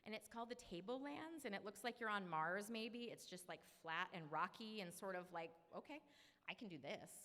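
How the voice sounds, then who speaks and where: A woman's voice: mid-range voice, lively intonation, moderate pace, few pauses, pushed and bright, long reverb tail. A woman in her thirties from Maine, telling a personal story to a live audience in a chatty, self-deprecating way. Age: 30s. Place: live event venue.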